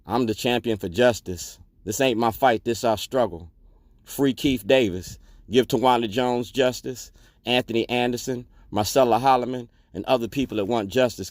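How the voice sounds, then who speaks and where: A man's voice: mid-range voice, dry recording, clean studio sound. A man giving a defiant public testimony as an activist, repeating himself and calling people out. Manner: defiant, declaiming, repetitive.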